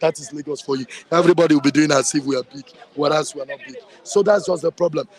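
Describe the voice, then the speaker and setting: A man's voice: a little high, fast talker, a little mellow. A man with a Nigerian accent giving fiery, ranting street commentary outdoors, mixing in Yoruba phrases. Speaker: street interviewee.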